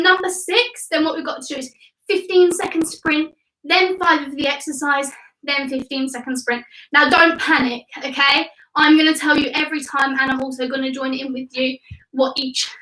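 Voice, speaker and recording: A cheerful young woman leads a children's home workout, encouraging everyone and counting out reps. Her voice is high and crisp. It echoes around a room at home, picked up from some distance. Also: pushed and bright. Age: 20s. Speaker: kids' gymnastics coach. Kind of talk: instructional workout class.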